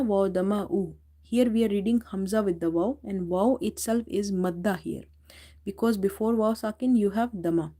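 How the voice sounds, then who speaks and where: Female tajweed teacher, patient and explanatory, mellow voice, slow drawn-out recitation. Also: mid-range voice.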